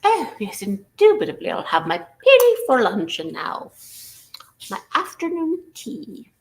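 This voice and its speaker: A woman voicing a prim, posh lady at afternoon tea, speaking in an affected, high-flown way. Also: wildly swooping pitch, measured pace, exaggerated voice. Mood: snooty.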